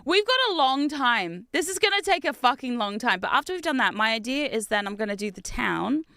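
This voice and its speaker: Young woman rambling over gameplay, high lively voice, swears casually, jokes at herself. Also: a little fast, dry recording, studio quality. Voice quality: chatty, self-mocking, swears casually. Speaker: gaming streamer.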